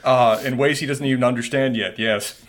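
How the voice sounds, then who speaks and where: A man's voice: mid-range voice, steady tone, moderate pace. A man co-hosting a podcast, chatting casually and spinning playful, wordy theories. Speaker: podcast co-host. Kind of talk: casual recap chat.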